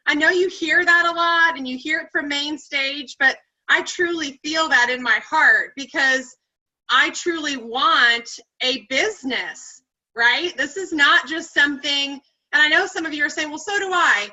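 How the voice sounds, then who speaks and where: A woman's voice: sits high, measured pace, bright, forceful tone. A woman on a video call, sharing her business success with her team in an upbeat, earnest way. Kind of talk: motivational call talk. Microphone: computer mic on video call. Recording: muffled video call audio.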